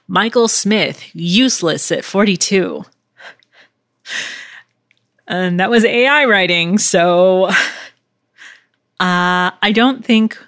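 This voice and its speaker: A woman's voice: fairly low pitch, fairly bright tone, clear, resonant tone, no echo, studio quality. A woman voice actor hosting a casual solo podcast from her living room, rambling with many fillers and swearing freely.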